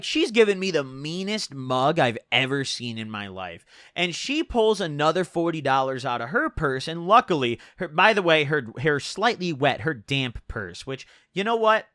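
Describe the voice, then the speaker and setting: A young man telling a personal story on his channel, animated and exasperated, swearing freely. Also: on the high side, normal speed, no echo, clean studio sound. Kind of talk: storytime vlog.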